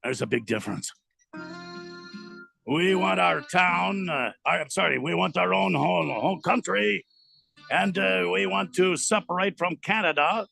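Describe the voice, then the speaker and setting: A radio host putting on a French accent to voice a friendly Quebecois man, with a gravelly, sore-throated voice. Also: sits high, unhurried, sharp tone, soft background music, pitched above the performer's own voice, heavily acted. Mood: earnest. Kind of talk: reading a listener text in a put-on accent.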